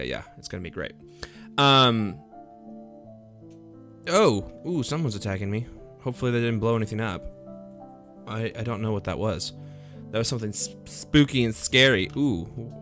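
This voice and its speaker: A man's voice: fairly low pitch, a bit bright. A young man rambling upbeat, casual chat while he streams himself playing a game. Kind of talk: casual live gameplay chat. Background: faint background music.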